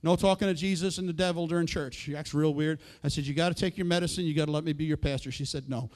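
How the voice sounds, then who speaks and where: A man's voice: fairly high pitch, steady tone, fast, a little mellow. A middle-aged male pastor preaching a sermon in a conversational way, full of rhetorical questions and quoted asides.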